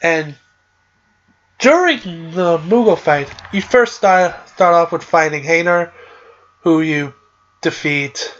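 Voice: medium pitch, slow, pauses often, a bit bright, highs cut off. A podcast host casually recapping a game's story in a loose, rambling way, with lots of "like" and "uh". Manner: loose and chatty, with frequent "like" and "uh".

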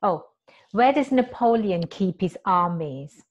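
Animated lady lawyer hosting her podcast, chatty and jokey, laughs a lot. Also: mid-range voice, slow pace, lo-fi sound. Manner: chatty, laughs often, tells corny jokes. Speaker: podcast host, attorney. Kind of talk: casual podcast interview.

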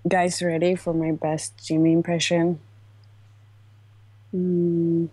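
A woman fills in on a casual livestream with giggly, teasing chatter. Her voice is husky and slightly breathy, and she talks at a slow, lazy pace. The recording is dry, with no room sound. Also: lowish voice, expressive, a little mellow, dry recording. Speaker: streamer's co-host.

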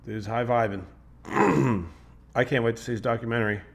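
A man's voice: medium pitch, normal speed, vocal fry. A man hosting an interview podcast, upbeat and loose, laughing often and using casual slang. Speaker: podcast host.

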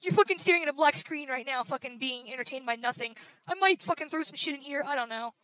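A woman's voice: high-pitched, quick pace, sharp tone, dry recording, poor audio. A woman giving casual gameplay commentary, frustrated and swearing constantly. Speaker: gaming video creator.

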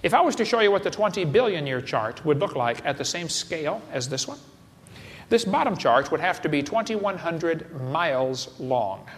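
A creationist speaker with a voice on the high side, very animated and at normal speed gives a joking lecture to an audience in a large hall. He wisecracks and throws quiz questions at the crowd with asides, captured with long hall reverb and faint hiss.

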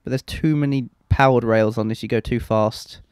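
A man's voice: medium pitch, fairly even intonation, moderate pace, a little mellow, clean tone, dry recording, studio quality. A young man giving rambling, self-mocking gameplay commentary and swearing freely. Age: young adult. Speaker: let's play host.

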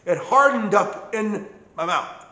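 Slow and expressive, a man with a high, sharp voice describes his own medical mistreatment in an echoey room. His casual account is emphatic, and he keeps checking in with "okay?"

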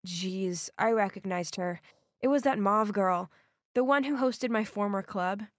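A woman narrating a first-person animated story in a scripted, expressive way. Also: mid-range voice, a little slow, no room sound, studio quality.

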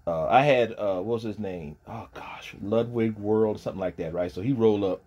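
A man, ranting on a livestream, profane and taunting, dropping from low mutters to loud shouting. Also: moderate pace, husky. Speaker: streamer pastor.

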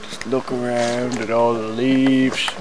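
A man playing a rambling, unhinged backwoods man who stammers, trails off and bursts out loud. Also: medium pitch, little pitch movement, takes it slowly, over music, natural voice, rough recording. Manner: rambling, stammering, sudden outbursts. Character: rambling unhinged backwoods man, proud of his forest home. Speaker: comedian. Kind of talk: improvised comedy sketch.

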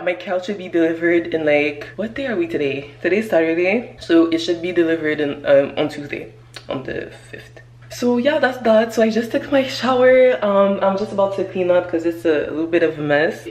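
A woman's voice: fairly low pitch, a little mellow. A young woman from Canada talking casually to camera in a home vlog, chatty and rambling. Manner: chatty, rambling, says "girl" and "like". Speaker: vlogger.

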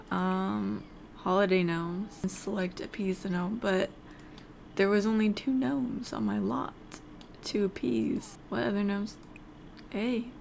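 A woman's voice: medium pitch, vocal fry, a little mellow, a little hiss or hum. A woman hosting a casual let's play, chatting while she plays and talking to the characters in the game. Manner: chatty, easily distracted, talks to the game characters. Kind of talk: casual gameplay commentary.

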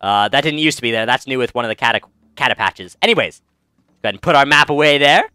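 A man's voice: mid-range voice, lively intonation, fast, bright, forceful tone, clean tone, no echo, clean studio sound. A man hosting a let's-play, chatting casually and rambling through commentary with many fillers and restarts. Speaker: game let's-play host.

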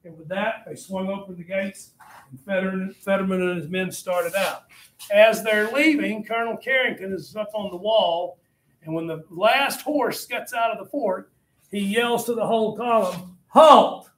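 High-voiced man teaching history dramatically. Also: normal speed. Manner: animated, blunt, talks straight to students. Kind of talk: dramatic classroom storytelling. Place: classroom. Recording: echoey classroom, faint noise.

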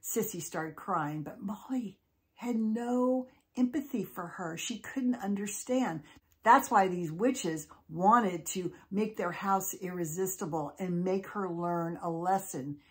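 Animated woman storyteller. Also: fairly low pitch, slow pace. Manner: animated, conversational. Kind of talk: telling an original story.

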